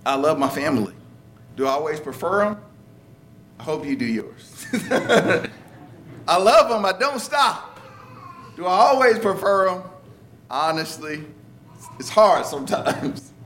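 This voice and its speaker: A man's voice: on the high side, a bit bright, a little hiss or hum. A man preaching a sermon in a conversational way, chuckling and lifting his voice for emphasis.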